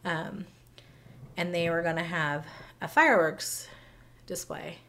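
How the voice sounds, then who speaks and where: A woman's voice: lowish voice, slow pace, gravelly, fairly bright tone. A woman co-hosting a podcast, chatting casually and enthusiastically recounting a trip. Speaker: podcast co-host. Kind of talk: casual chat.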